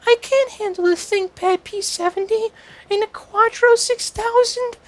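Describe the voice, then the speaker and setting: A whiny little laptop charger. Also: male voice, a little slow. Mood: panicked. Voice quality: high-pitched, whiny, pleading. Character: frail whimpering little laptop charger, timid.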